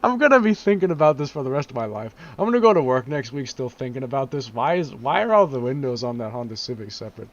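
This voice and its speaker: A man's voice: medium pitch, big pitch swings, fast talker, few pauses, no room sound. A man in a casual vlog, ranting in exasperated disbelief, repeating himself and laughing. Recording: dull lo-fi recording.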